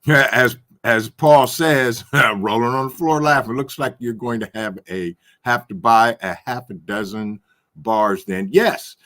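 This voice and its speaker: Slow-talking upbeat livestream host, man. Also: medium pitch, a bit bright. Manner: upbeat, reads viewer comments aloud and greets each by name; chuckles often. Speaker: livestream host reading chat. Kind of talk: casual chat.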